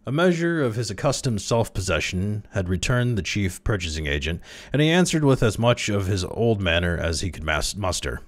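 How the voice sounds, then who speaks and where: A man reading a short story aloud, with lively delivery and amused asides. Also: lowish voice, moderate pace. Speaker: reader.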